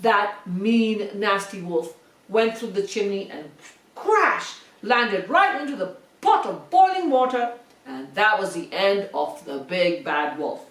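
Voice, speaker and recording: A woman telling a story to children, animated and talking directly to her young listeners. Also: medium pitch, slow, distant mic. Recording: roomy echo, set back from the mic.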